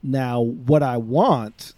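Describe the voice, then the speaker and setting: Dark-voiced rambling podcast guy. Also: medium pitch, extremely slow, dry recording. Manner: rambling, many restarts and fillers. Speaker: podcast co-host. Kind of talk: casual podcast chat.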